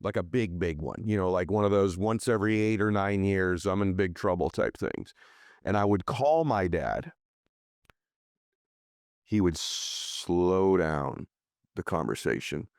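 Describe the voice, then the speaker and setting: A middle-aged man hosting a podcast, his low voice driving forward with emphatic, motivational energy. He reads sponsor spots and asks his guest questions. The sound is dry and close, with no room around it. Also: a little slow, clean tone, no echo. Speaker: podcast host.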